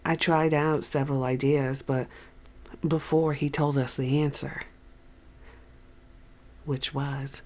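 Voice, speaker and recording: A soft-spoken reader narrates a first-person memoir aloud at a slow, measured pace. The voice stays at a mid pitch with an unhurried, even delivery. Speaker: audiobook reader.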